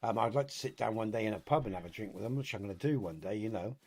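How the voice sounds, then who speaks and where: A man's voice: on the low side, racing, a little mellow. A British man talking loosely to his live audience while he plays a hunting game. He rambles and circles back on himself, drops casual swearing, and leans on "you know" constantly. He sounds like an easygoing host of a regular stream. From Britain.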